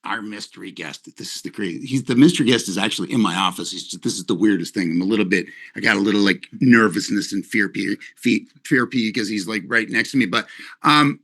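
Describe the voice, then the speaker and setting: A man from Canada hosting a company webinar, his voice bright and forceful. He rambles, jokes and gets animated while he talks to the audience. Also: lowish voice, fairly quick, creaky. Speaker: company leader. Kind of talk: live webinar presentation.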